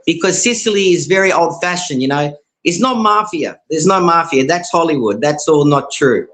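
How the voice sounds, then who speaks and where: A man's voice: high voice, normal speed, a bit bright, poor audio. A man from Australia calling in to a live show, chatting in a rambling way and repeating his words. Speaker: caller. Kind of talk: casual chat.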